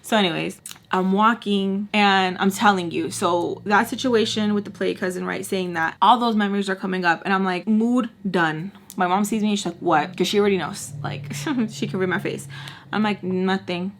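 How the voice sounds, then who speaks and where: A young woman sits down to tell her viewers a storytime, talking casually and heatedly. She swears freely, pads every thought with "like" and "you know," and her voice leaps upward whenever she quotes someone in disbelief. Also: moderate pace. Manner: animated, indignant, quotes people with sudden pitch jumps; blunt and profane, lots of fillers like "like" and "you know". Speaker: vlogger telling a story.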